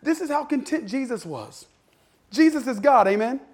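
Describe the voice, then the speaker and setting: High-voiced man preaching, stammering restarts. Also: animated, normal speed. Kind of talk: sermon.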